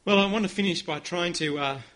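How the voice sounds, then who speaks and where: A man delivers a sermon in a high, bright voice. He speaks with earnest conviction and leads his listeners in a call-and-response. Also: a little fast. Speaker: pastor.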